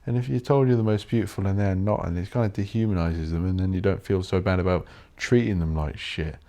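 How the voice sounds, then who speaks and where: A man hosting a solo podcast, rambling bluntly and swearing while he thinks out loud. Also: low-pitched, fast talker. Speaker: podcast host.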